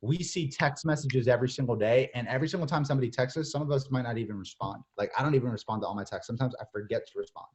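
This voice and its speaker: A young man giving casual, energetic coaching as a mentor, slipping into playful acted-out phone chats with lots of "like" and "bro". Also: mid-range voice, racing, few pauses. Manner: energetic, repeats "like" and "bro", acts out texts and calls. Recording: slightly dull lo-fi audio.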